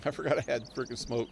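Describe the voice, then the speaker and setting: Slow, gravelly man rambling through gameplay. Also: mid-range voice, a little hiss or hum. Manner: rambling, thinking aloud, chuckling. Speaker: live-streaming gamer. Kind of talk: live gameplay commentary.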